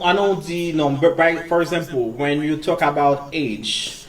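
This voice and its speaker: Guy teaching english numbers, keeps switching languages, mic's a bit far off. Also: mid-range voice. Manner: switches between English, French and Creole while explaining; slow, repeated pronunciation drills. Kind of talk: casual video lesson.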